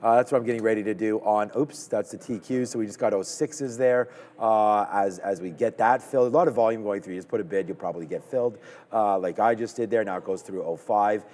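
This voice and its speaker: Male trading-stream host, low voice, chatty and upbeat, running commentary, reverberant sound. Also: a little fast, a little mellow. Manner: chatty, upbeat, thinking aloud while trading. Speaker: stock trading livestream host. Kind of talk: live market commentary.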